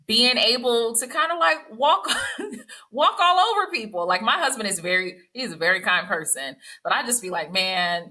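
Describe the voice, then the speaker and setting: A woman hosting a podcast as a psychologist, telling stories animatedly and acting out what others said. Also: medium pitch. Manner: animated storyteller, acts out quotes. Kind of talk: podcast conversation.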